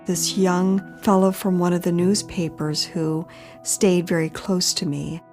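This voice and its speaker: A woman with a fairly low voice tells her own story in an earnest, emotional way. She sounds middle-aged, and she acts out the dialogue of the people she met along the way. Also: little pitch movement, a little slow, over music. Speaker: interviewee recounting her story. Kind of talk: personal storytelling.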